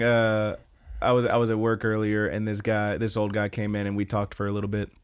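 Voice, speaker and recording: A man's voice: on the low side, completely flat delivery, fairly quick, clean tone, dry recording. A man casually recapping anime episodes as a podcast co-host, rambling with lots of fillers and swearing. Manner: rambling, profane, frequent fillers.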